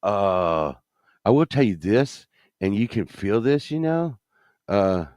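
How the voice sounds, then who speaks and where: A man's voice: fairly low pitch, sing-song, takes it slowly, darkish tone, no room sound. Profane rambling man in his fifties. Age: 50s. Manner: rambling, profane, swings from mumbling to indignant ranting. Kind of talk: casual profane storytelling.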